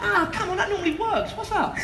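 A woman's voice: extremely high pitch, fast, recorded from a distance, background noise. A woman playing a goofy, lovestruck young male servant in a live pantomime, clowning and over the top. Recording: echoey hall from afar, music. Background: music.

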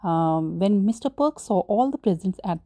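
A woman's voice: mid-range voice, lively intonation, moderate pace, mellow, dry recording. A woman English teacher in a recorded lesson, patiently retelling a story and explaining words step by step.

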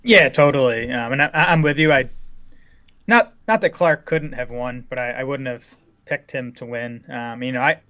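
A man's voice: mid-range voice, bright, forceful tone. A man co-hosting a golf betting podcast, talking through odds in an easygoing, analytical way. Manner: easygoing, analytical, quick to agree. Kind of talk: casual sports chat.

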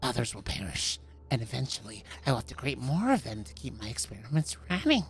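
Gravelly man cracking crude jokes while gaming. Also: medium pitch, big pitch swings, fairly quick, a little hiss or hum. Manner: crude, joking, profane, reads in-game notes aloud. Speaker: let's play streamer. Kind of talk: casual gameplay commentary.

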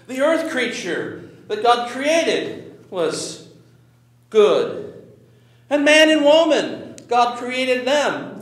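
A man preaching as a pastor, conversational and animated, swinging from loud emphasis to quiet asides. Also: high voice, reverberant. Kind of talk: sermon.

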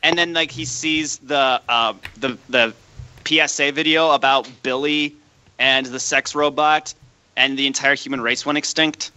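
Bright-voiced joking man. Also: mid-range voice, steady tone, unhurried, clear, resonant tone. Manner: joking, wry asides. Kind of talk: casual group chat.

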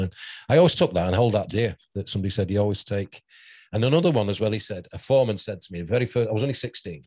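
A man's voice: fairly low pitch, lively intonation, very fast, a little mellow, no echo. A man around sixty, hosting an interview and rambling through anecdotes with frequent laughter. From St Helens, near Liverpool, England. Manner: rambling anecdotal storyteller who laughs often. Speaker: host. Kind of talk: casual interview chat.

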